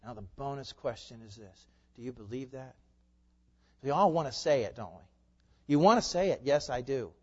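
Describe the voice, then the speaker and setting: A man's voice: medium pitch, expressive, normal speed, husky. A male pastor preaching a sermon, emphatic and pleading, with many rhetorical questions. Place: church sanctuary. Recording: dull sound with long hall reverb.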